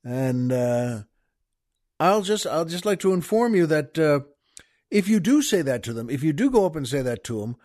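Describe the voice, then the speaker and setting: A man's voice: fairly high pitch, lively intonation, moderate pace, long pauses, a little mellow. An older man hosting a podcast, talking in a casual, rambling monologue full of fillers, restarts and little chuckles. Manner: folksy, chuckling, meandering with many fillers and restarts. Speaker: podcast host.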